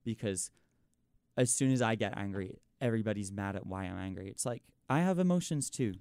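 A man's voice: lowish voice, lively intonation, a little fast, a little mellow, clean tone, no room sound, studio quality. A young man hosting a college radio show, venting in a frustrated rant full of "like" and "it's like". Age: young adult. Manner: exasperated ranting, frequent "like" and "it's like". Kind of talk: venting on air.

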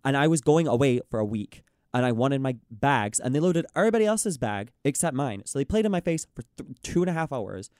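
Exasperated young man ranting, mellow voice. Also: medium pitch, brisk, hardly any pauses, no echo, studio quality. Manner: exasperated, animated ranting with mock-quoted voices. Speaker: podcast host. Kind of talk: ranting casual chat.

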